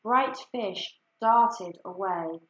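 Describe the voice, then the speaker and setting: A woman reads a children's story aloud, slowly and expressively. Her mid-pitched voice sounds roomy and echoey. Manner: slow expressive reading. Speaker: story reader. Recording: echoey room.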